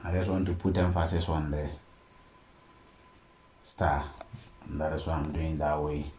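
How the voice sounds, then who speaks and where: A man teaching a design software tutorial step by step and often checking in with "okay?". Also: rumbling low, unhurried. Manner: steady step-by-step explaining, frequent "okay?" check-ins. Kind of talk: screen-recorded tutorial narration. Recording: echoey room, faint background noise.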